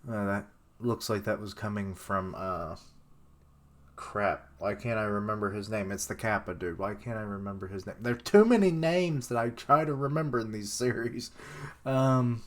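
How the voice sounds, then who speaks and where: A young man streaming a live reaction to a comic chapter, excitable and casual, laughing and swearing and fumbling for names as he reads. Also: lowish voice, normal speed. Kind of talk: live reaction while reading aloud.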